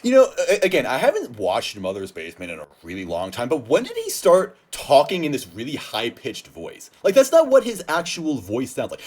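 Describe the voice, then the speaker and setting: Dude reacting to a video, sarcastic and fed up, pitch jumps around a lot. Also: male voice, huge pitch swings, moderate pace, few pauses, darkish tone, a little hiss or hum. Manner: exasperated, sarcastic, mumbles trailing asides. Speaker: reaction channel host. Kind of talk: casual reaction commentary.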